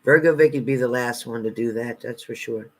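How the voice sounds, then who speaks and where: A man hosting a live stream as a spiritual reader, reading out viewer comments and answering them bluntly, swinging between loud outbursts and low muttered asides. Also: a little fast. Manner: blunt and confrontational, talking back to commenters.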